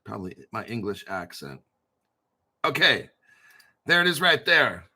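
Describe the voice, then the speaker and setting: A man's voice: medium pitch, very animated, a little slow, pushed and bright. A man hosting a crypto channel, rambling casually with profanity, jokes and self-mockery. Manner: profane, joking, self-mocking and digressive.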